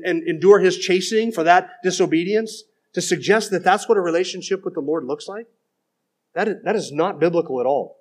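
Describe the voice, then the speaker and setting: A middle-aged man preaching a sermon, reading out quotes and rebutting them with emphatic, critical preaching. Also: high voice. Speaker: pastor.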